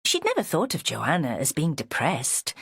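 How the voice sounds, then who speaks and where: A woman narrates an audiobook in a measured, expressive style. Her low-leaning voice rises and falls a lot, and the recording is close and dry. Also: gravelly, husky, no room sound. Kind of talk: scripted narration.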